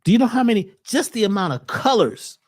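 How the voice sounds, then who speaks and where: A man giving a webcast talk on health in a preacherly way, swinging between loud lines and hushed ones. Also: sits high, very animated, a little fast. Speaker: holistic health speaker.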